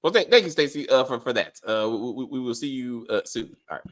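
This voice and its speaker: A man's voice: mid-range voice, lively intonation, a little fast. A man hosting a casual review panel over a video call. He stammers, repeats himself and laughs often. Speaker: host of a review show.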